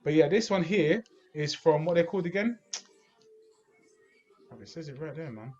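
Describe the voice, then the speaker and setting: A young man chats and teases in slang on a podcast. His voice sits a little high. The online call audio is slightly dull and lo-fi. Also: animated, moderate pace, a little mellow. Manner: banter-heavy London slang. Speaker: podcast co-host. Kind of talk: casual chat over a video call. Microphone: video call.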